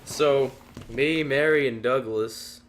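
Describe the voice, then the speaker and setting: A young man spins a silly improvised tale in a relaxed, rambling way. He keeps breaking into giggles and restarting his lines. His voice sits at an ordinary middle pitch. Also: slow. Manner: rambling, giggling through absurd tales. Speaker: co-host. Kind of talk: improvised comedic storytelling.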